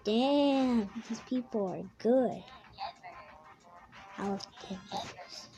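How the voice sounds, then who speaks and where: A young woman giving excitable gameplay commentary, gasping and exclaiming at what happens in the game. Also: fairly high pitch, very slow, soft background music, poor audio. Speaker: gaming YouTuber.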